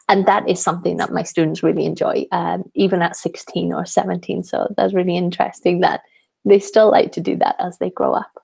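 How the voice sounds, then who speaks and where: Young Welsh woman, teacher and channel host, friendly live Q&A, strong vocal fry. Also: fairly low pitch, a little mellow. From Wales. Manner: chatty, laughs often, many ums. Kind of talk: live question-and-answer chat.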